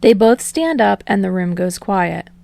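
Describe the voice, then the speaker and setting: A woman's voice: mid-range voice, lively intonation, measured pace, vocal fry, a little mellow, no room sound. A woman reading a fan story aloud as a podfic reader, then chatting casually to listeners with fillers. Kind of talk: story narration and casual outro.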